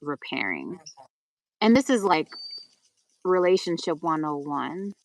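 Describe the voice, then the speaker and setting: Low-voiced woman rambling casually, lots of "like", kinda far from the mic. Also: sing-song, measured pace, slight background noise. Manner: chatty, lots of "like", swears for emphasis. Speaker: co-host. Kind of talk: casual spiritual conversation.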